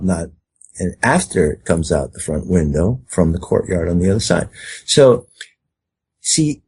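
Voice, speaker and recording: Guest, older man, low husky voice, emphatic and rambling. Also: warm tone. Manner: emphatic, rambling, acts out quoted speech. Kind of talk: conspiracy talk interview.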